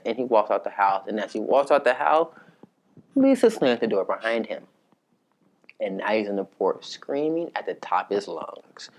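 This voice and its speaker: A man telling a story in a casual, conversational way, animated and profane. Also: medium pitch.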